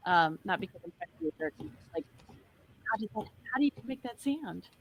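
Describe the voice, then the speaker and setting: A woman's voice: mid-range voice, lively intonation, brisk, creaky, a little hiss or hum. An American woman chatting casually and easygoing, laughing often with her co-hosts. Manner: giggly, easygoing. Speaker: artist co-host. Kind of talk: casual chat.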